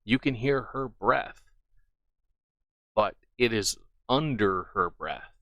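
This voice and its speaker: A man's voice: fairly low pitch, expressive, slow pace, a bit bright, no echo, dull audio. A man earnestly recounting odd events at home and commenting, often repeating himself. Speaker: channel host. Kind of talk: casual storytelling and commentary.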